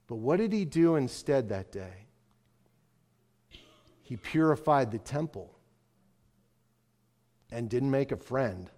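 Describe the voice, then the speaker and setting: A man preaching a sermon as pastor, swinging from loud proclamations to hushed, emphatic lines. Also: medium pitch, very animated, takes it slowly, pauses often.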